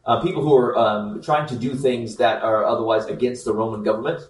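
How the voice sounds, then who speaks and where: A man's voice: medium pitch, steady tone, brisk, slight background noise. A man giving a casual Bible lesson, talking straight to his listeners as "guys", with plenty of ums and restarts. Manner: conversational, addresses listeners as guys, frequent ums. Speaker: Bible teacher. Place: church meeting room. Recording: roomy echo, mic at a distance.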